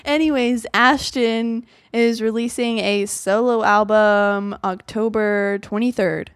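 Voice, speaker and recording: Young woman, podcast co-host, playful and teasing, higher voice, dry close sound. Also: steady tone, takes it slowly, few pauses, clean tone, no echo. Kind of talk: casual chat.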